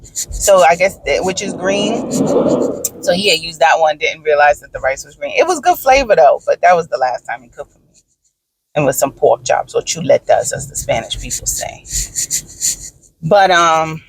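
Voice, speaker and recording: A woman in her thirties, talking casually to her viewers from inside a car, animated and frank with swearing, swinging from exasperated rants to easy storytelling. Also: low voice, normal speed, long pauses, breathy edge, poor audio. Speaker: vlogger.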